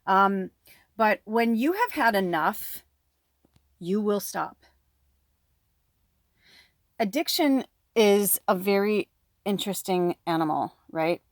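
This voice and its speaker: A woman's voice: medium pitch, expressive, takes it slowly, long pauses, dry recording. A middle-aged woman giving a chatty pick-a-card tarot reading, talking close to the microphone. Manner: chatty, breathy asides, close to the mic. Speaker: tarot reader.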